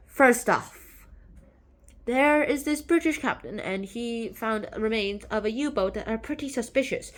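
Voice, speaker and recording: A woman's voice: on the high side, a little slow. Chatty woman retelling a story. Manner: chatty, rambling, filler-heavy. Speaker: book channel host.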